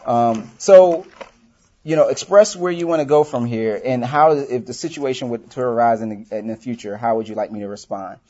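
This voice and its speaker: A man leads a workshop for a live group, teaching in a casual, conversational way, saying "you know" often and acting out example lines. His mid-range voice is warm and moderately paced, on a dull lo-fi recording.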